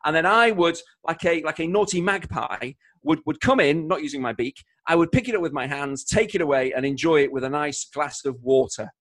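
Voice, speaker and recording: A man's voice: a little high, lively intonation, a little fast, hardly any pauses, a bit bright. A man, a football co-commentator, telling stories in casual podcast chat with playful mock-pompous humour.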